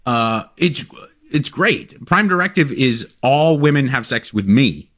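A man in his forties, co-hosting a casual chat and talking in an animated, joking way with a little swearing. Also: mid-range voice, unhurried. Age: 40s. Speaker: co-host.

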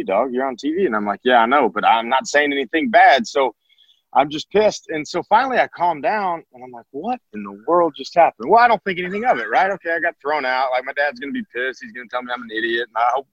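A man in his thirties telling lively stories. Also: on the high side, husky, dry recording. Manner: lively storyteller with many restarts and fillers. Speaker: former college baseball catcher, now high school teacher. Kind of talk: storytelling in a podcast interview. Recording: dull, dry podcast audio.

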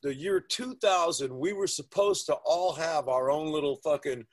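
Husky guy, swears a lot, animated storytelling, casual podcast chat. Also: a little high, normal speed.

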